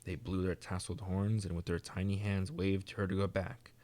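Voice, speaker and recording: A man reading a classic story aloud as audiobook narration, in a measured storytelling manner. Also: deep voice, little pitch movement, dark tone. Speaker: reader.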